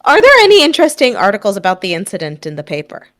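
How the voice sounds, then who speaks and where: A woman's voice: medium pitch, huge pitch swings, very fast, a bit bright. A woman playing in a tabletop game, asking curious questions and laughing easily. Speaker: player. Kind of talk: casual chat at a game table.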